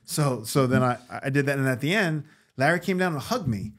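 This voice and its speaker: A man guest on a podcast, telling stories in a casual, animated way, acting out the voices of the people in them. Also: medium pitch, fast talker. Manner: animated, acts out voices in anecdotes. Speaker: guest actor. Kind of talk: casual storytelling interview.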